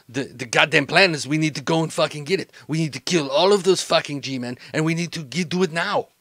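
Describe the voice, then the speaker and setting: A man's voice: fairly high pitch, a little fast, sharp tone, no echo, clean studio sound, pitched above the performer's own voice. A man doing a foul-mouthed, stammering henchman. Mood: furious. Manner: stammering, cursing constantly. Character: hot-tempered, foul-mouthed male henchman, panicked. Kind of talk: tabletop game character voice.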